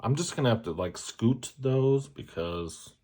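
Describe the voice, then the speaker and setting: A man's voice: mid-range voice, animated, a little slow, mellow. A man chatting casually to viewers as he swatches fountain pen inks, cracking jokes and poking fun at himself. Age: adult, a parent. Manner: jokey, self-mocking, chatty asides. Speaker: fountain pen ink reviewer.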